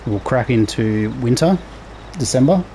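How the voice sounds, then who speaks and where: A man hosting a casual let's play, relaxed and talking through each task as he plays. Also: medium pitch, a little slow, slight background noise. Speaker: gaming channel host.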